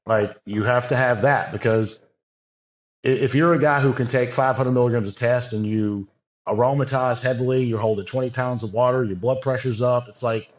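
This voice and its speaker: A man's voice: medium pitch, steady tone, moderate pace. A man, a bodybuilding coach, talking earnestly in a casual podcast conversation, with long loose run-on sentences and many fillers.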